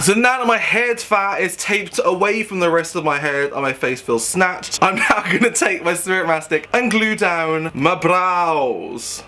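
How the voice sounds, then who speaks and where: A man's voice: medium pitch, a bit bright, slight background noise. A young man and drag performer chatting casually and campily while doing a makeup tutorial, laughing often as he gossips.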